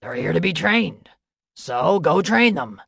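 Woman playing a male gym boss, gravelly, raspy, curt and blunt, audiobook voice, dry sound. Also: lowish voice, sing-song, unhurried, fairly bright tone, no echo, heavily acted. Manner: curt, matter-of-fact orders. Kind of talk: audiobook character voice.

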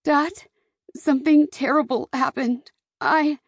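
A woman's voice: high-pitched, fairly even intonation, slow pace, no room sound, clean studio sound, voice pushed up. A woman voicing a frightened young Amish woman who cries and pleads with her father in an audiobook. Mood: distraught. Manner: crying, pleading, breathless.

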